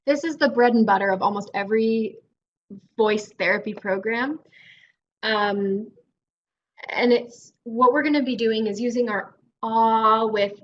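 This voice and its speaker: A woman's voice: on the high side, fairly bright tone, dull audio. A Canadian woman speech-language pathologist leading a guided voice exercise class in an encouraging way. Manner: encouraging, demonstrates vocal drills.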